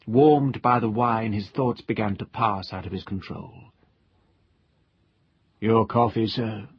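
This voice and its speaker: A man reading a ghost story aloud in a measured, deliberate storytelling style. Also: fairly low pitch, muffled recording, a little hiss or hum. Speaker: narrator.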